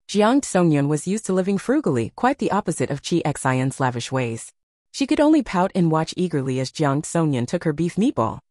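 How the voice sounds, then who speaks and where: Expressive woman narrating a novel. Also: low-pitched, normal speed, no echo, studio quality. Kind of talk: scripted audiobook narration.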